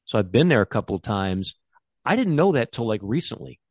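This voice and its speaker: A man co-hosting a sports podcast, rambling enthusiastically and restarting his sentences. His voice sits on the low side and sounds dry and close. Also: very animated, fairly quick, no room sound. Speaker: co-host. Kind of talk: casual sports podcast chat.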